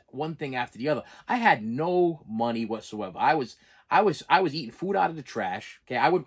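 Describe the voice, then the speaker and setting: A middle-aged man telling a personal story to his channel, plain-spoken and emphatic, rambling, repeating phrases and restarting his sentences. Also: mid-range voice. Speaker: channel host.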